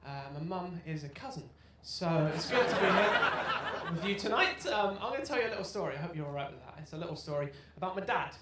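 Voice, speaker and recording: A young man in his twenties doing a stand-up comedy set, telling self-deprecating stories and bursting into loud shouted punchlines. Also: high-pitched, expressive, fast, hardly any pauses, very noisy. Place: comedy club stage with live audience. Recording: roomy live venue sound. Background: audience laughter.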